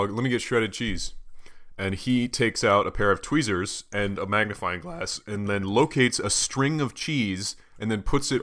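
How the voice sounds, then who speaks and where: A man's voice: on the low side, fairly bright tone. Young man telling rambling, exaggerated stories. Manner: rambling, exaggerated storytelling with profanity. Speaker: podcast co-host. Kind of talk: casual chat.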